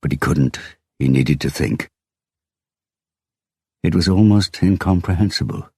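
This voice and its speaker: Audiobook: man narrator, extremely deep, gravelly, husky, dry close mic. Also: lively intonation, unhurried, darkish tone, no room sound. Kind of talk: scripted narration.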